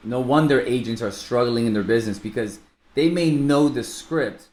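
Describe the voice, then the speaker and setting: A man co-hosting a casual podcast as a real estate coach, talking quickly and restarting his sentences. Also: mid-range voice. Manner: animated, fast-talking, self-interrupting. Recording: echoey room.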